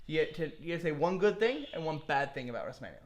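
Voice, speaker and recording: A man's voice: a little high, big pitch swings, very fast, heavy background noise. An Australian man co-hosting a wrestling podcast, running the segment with teasing banter. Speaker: podcast co-host. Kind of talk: casual chat.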